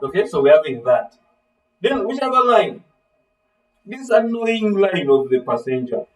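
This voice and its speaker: Speaking a little slowly in a high-sitting voice, a man runs a live online literature lesson. He addresses students by name with fill-in-the-blank prompts and performs character voices in an animated way. His voice comes from far off the mic on a rough recording.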